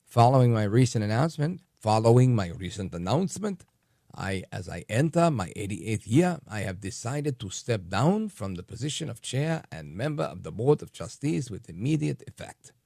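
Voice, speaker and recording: A man doing an elderly male executive, German accent, stiff and halting, dark gravelly tone. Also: medium pitch, very animated, no echo, studio quality.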